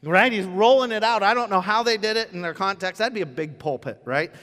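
Man, pastor, casual joking sermon, animated asides, slightly high voice, echoing church hall. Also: brisk. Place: church sanctuary. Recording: church hall with long reverb.

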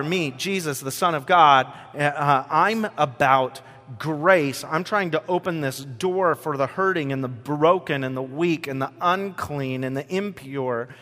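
A man's voice: mid-range voice, a bit bright, big-room sound. A man preaching a podcast sermon in a loose, conversational way, with frequent fillers, reading scripture aloud between comments. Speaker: pastor.

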